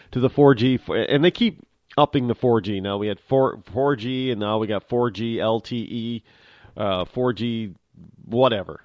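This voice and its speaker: A man's voice: mid-range voice, no echo. A man hosting a talk show, delivering an opinionated monologue with emphatic restarts and repeated words.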